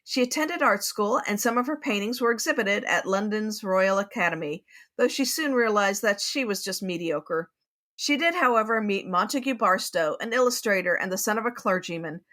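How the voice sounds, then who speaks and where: A woman's voice: medium pitch, animated, moderate pace, a bit bright. A woman co-hosting a TV recap podcast, chatting casually, laughing often and reading a history segment steadily. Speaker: podcast co-host.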